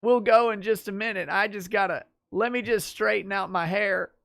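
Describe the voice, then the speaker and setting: A boastful older ex-president rambles crudely through a story, as a man puts him on. The voice sits low and subdued. It sounds dry and close. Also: fairly even intonation, moderate pace, gravelly, a bit bright, no room sound. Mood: joking.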